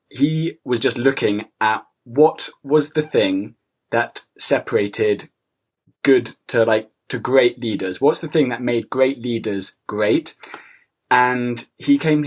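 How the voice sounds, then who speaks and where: A man hosting a podcast, talking casually with lots of fillers as he asks his guest about ideas. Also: medium pitch. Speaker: podcast host. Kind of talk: casual interview chat.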